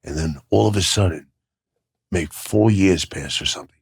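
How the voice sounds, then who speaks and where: Husky low-voiced older man telling stories. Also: moderate pace. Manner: lively anecdotes, repeats words when excited. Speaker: guest, retired pro wrestler. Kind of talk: animated storytelling in an interview.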